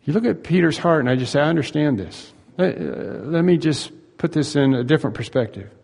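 A man's voice: a little high, lively intonation, fairly quick, vocal fry, darkish tone, slightly rough. Earnest preaching man in a reverberant hall. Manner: earnest, emphatic preaching with rhetorical questions. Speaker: pastor. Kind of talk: sermon.

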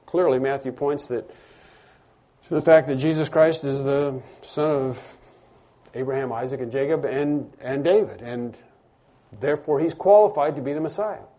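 A man preaching a sermon as pastor, emphatic, repeating phrases and rising to loud stresses. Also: medium pitch, normal speed.

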